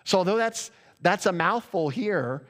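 Man, pastor, conversational sermon, rhetorical questions, slightly high voice. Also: lively intonation, measured pace.

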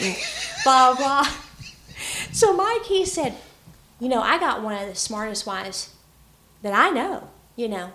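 A woman's voice: a little high, sing-song, moderate pace, a bit bright, echoey room. A woman telling stories in a casual chat about relationships, laughing often as she talks. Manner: chatty storyteller, laughs often.

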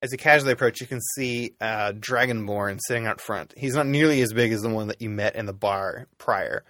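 A man's voice: fairly low pitch, a little fast, a bit bright, no echo, studio quality. A man narrating a tabletop game as game master, loose and rambling with lots of ums.

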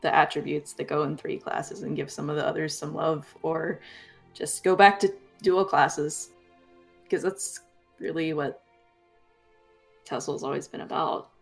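A woman's voice: low voice, steady tone, a little slow, gravelly, long pauses, husky, soft background music. A woman co-hosting a streamed podcast, speaking casually and hesitantly and laughing often. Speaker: podcast co-host.

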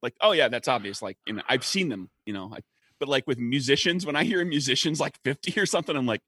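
A man's voice: mid-range voice, lively intonation, fast, a bit bright, slightly rough, no echo. A man in his forties co-hosting a casual podcast chat, rambling with restarts. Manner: rambling, many fillers and restarts. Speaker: podcast co-host.

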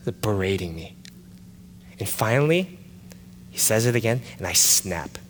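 A male pastor telling a personal story in a sermon, animated and shifting from loud excited retelling to quiet confession. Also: fairly low pitch, measured pace, long reverb tail, a little hiss or hum.

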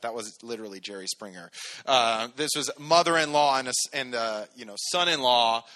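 A man's voice: fairly high pitch, bright, forceful tone. A man preaching a casual, conversational sermon, joking and acting out little quotes. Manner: casual, jokey, acts out quotes in voices. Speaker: pastor.

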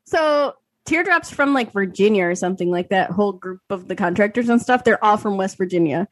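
A woman in her thirties co-hosting a podcast, telling an animated story with lots of swearing and acted-out quotes. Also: medium pitch, fairly quick, dry recording. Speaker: podcast co-host. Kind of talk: casual chat.

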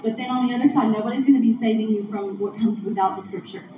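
A woman's voice: a little high, fairly even intonation, quick pace. A woman giving a conversational, earnest sermon at a church gathering, recorded from a distance in a large hall. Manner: conversational, earnest, laughs along with audience. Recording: distant echoey room mic, muffled, noisy.

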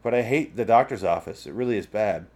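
A man's voice: fairly low pitch, expressive, brisk, a little mellow, husky. Young man, 20s, for a profane, exasperated comedic rant; sarcastic and blunt. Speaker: vlogger. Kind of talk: ranting comedic monologue. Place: his room.

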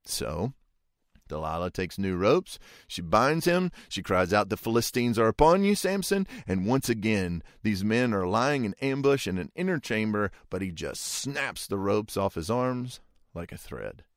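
A man's voice: on the low side, big pitch swings, a little slow, no echo, studio quality. A man preacher retelling a scripture story in a conversational, vivid sermon style.

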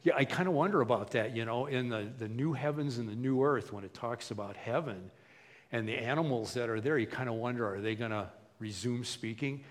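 A male pastor preaching in a casual, animated way, slipping into little voices for the people he quotes. His voice sits at an ordinary pitch for a man. A long reverb trails his words through a large hall. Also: brisk. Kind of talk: sermon.

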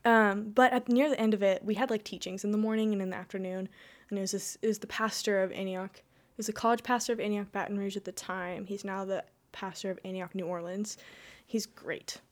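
A woman's voice: medium pitch, steady tone, a little fast. A young woman telling her personal faith story in casual conversation, rambling with lots of "like" and restarts. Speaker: guest.

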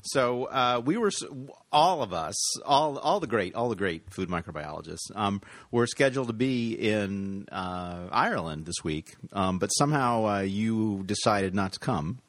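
A man's voice: fairly low pitch, animated, measured pace, few pauses, no echo. A man hosting a podcast in casual chat, teasing and playful, rambling with fillers. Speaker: podcast host.

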